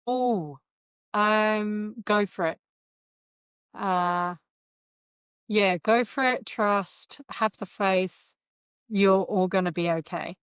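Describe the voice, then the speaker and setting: A middle-aged woman yoga teacher, a podcast guest, talking in a gentle, earnest, reflective way. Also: mid-range voice, extremely slow, long pauses, clean tone, dry recording. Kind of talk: casual interview chat.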